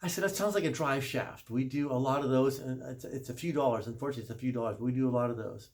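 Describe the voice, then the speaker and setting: A man's voice: medium pitch, quick pace, darkish tone. A middle-aged man and car shop service manager telling a story in a casual, chatty way, correcting himself and laughing a little as he goes.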